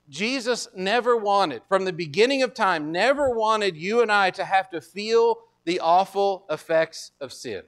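A man with a notably high voice delivers a sermon in a conversational, plain-spoken way. He retells scripture in everyday language, restarting his phrases often, and slows down to read verses in old biblical wording. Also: a bit bright. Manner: reads verses aloud in old biblical wording, slow and deliberate. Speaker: pastor.

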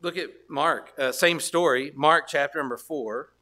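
A male preacher with a high, bright voice reads Bible passages aloud and then unpacks them for the congregation. His delivery is conversational, full of rhetorical questions, with the occasional throat-clearing. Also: a little slow. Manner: expository Bible preaching, reading verses then applying them. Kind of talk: sermon.

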